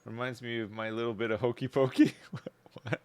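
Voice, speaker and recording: A man's voice: medium pitch, fairly even intonation, moderate pace, a little hiss or hum. A Canadian man chatting casually on a live gaming stream, rambling and laid-back, swearing freely and chuckling often.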